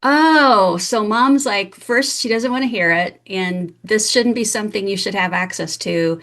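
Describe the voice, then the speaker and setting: A woman's voice: medium pitch, a little slow, a bit bright. A woman hosting a podcast interview, asking curious, probing questions in a friendly, conversational manner. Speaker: podcast host.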